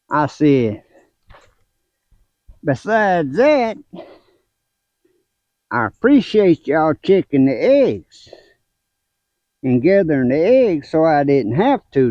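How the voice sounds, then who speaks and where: A man's voice: dry recording, dull audio. An older man tells folksy stories about his grandkids on a casual gardening vlog, laughing between stories. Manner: folksy, laughs between stories, raises pitch when telling the story. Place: outdoors in a garden.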